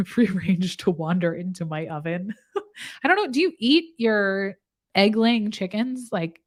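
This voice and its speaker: A chatty woman talks casually with her viewers at a medium pitch, breaking into giggles mid-sentence. She speaks loosely and playfully, like a nurse practitioner off duty. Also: expressive, slow. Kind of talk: casual live chat with viewers.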